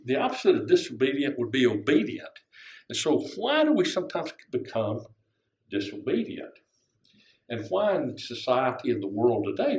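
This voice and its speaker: An older man preaching a conversational sermon, often asking his congregation questions. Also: fairly high pitch. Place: church sanctuary. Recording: echoey room.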